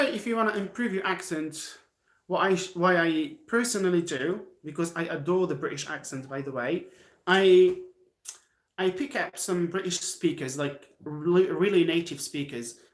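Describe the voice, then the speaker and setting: An Algerian man whose first language is Algerian Arabic teaches English on a live stream from home, speaking with an Algerian accent. He encourages viewers, repeats points, and answers chat. His voice is a little high for a man, a bit bright and slightly slow, in an echoey room.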